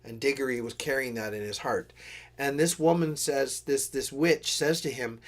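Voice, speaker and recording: A man's voice: medium pitch, normal speed. A man hosting a live stream, telling a story in a casual, earnest way with digressions and apologetic asides. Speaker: livestream host.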